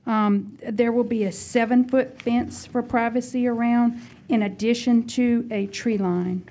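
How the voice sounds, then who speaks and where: A woman representing a developer, giving a polite, measured presentation to a zoning board. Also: a little high, fairly even intonation, dark tone. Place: public meeting room.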